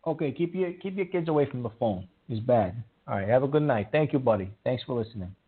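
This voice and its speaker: A man's voice: medium pitch, lively intonation, fast talker, husky. A man hosting a call-in radio show, talking emphatically and repeating himself, scolding callers. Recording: tinny phone-like audio.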